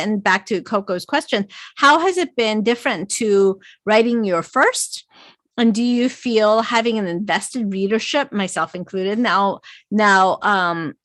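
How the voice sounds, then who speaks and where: A woman hosts an interview over a video call, at a middle pitch. Her talk is animated and teasing, with a playful edge. The sound is dry and close, with no room around it. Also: dry recording. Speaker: interviewer, novelist. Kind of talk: casual interview chat.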